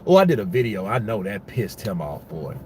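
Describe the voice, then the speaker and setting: A man's voice: lowish voice, big pitch swings, a little fast, a little mellow, slight background noise. A man giving casual, rambling boxing commentary, full of profanity and restarts.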